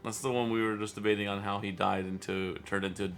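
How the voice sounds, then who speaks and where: A man playing in a tabletop game, talking in a halting, hesitant way. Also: lowish voice, little pitch movement, creaky, a bit bright, faint music behind. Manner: hesitant, halting, self-correcting. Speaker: player. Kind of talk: casual play chat.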